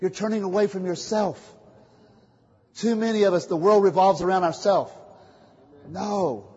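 A man preaching a sermon, calling out questions for the congregation to answer and swinging from quiet asides to loud declarations. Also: sits high, fairly even intonation, moderate pace, husky. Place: church meeting hall. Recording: muffled, echoey hall recording.

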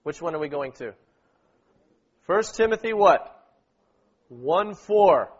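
A pastor leading a church meeting preaches in a high, lifted, husky voice, expressive and slow, urging the congregation to read scripture along with him. He exhorts, repeats words and calls out short prompts like "okay?" and "amen". The audio is dull and lo-fi, as if captured on a modest recorder.

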